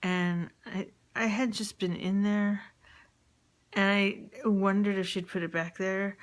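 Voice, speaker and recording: A woman's voice: medium pitch, fairly even intonation, slow. A woman casually recounting her day in a spoken diary for her partner, hesitant and full of fillers, often dropping into a whisper. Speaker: mother recording a message to her partner.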